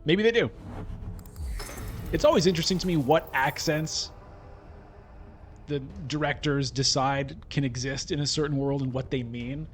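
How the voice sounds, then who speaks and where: A man's voice: fairly high pitch, normal speed, pauses often, faint music behind. A man thinking aloud while giving casual gameplay commentary on a digital board game. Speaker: gameplay streamer.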